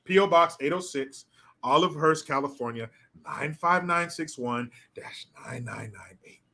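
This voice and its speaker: An older man hosting a solo commentary stream, talking in a profane, mocking and animated way. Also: a little high, moderate pace. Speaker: political commentary host.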